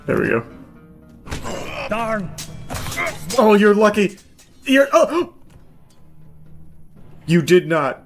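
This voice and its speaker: A man giving let's-play commentary, yelling and swearing at the game, with dry low asides between outbursts. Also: very animated, drawn-out words, pauses often, soft background music. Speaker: gaming video host.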